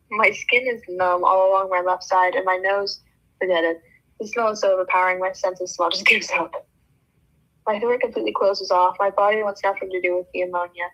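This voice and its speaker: A woman's voice: medium pitch, steady tone, a little fast, a bit bright. Woman reading a novel aloud, lo-fi. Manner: reads expressively, breaks off for joking comments. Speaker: book club reader. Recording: dull lo-fi sound.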